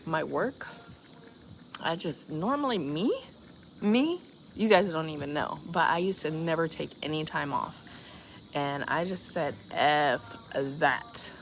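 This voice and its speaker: A woman's voice: deep voice, lively intonation, slow pace, vocal fry. A woman in her fifties telling a rambling, chatty story to her viewers, with lots of fillers. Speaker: vlogger. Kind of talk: casual chat to viewers. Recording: loud cricket noise behind voice. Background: crickets and insects chirping.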